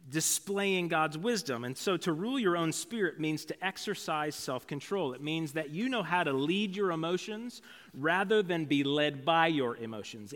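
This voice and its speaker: A man's voice: a little high, a bit bright. A male pastor preaching a sermon in a conversational, storytelling way, with casual asides. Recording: long hall reverb.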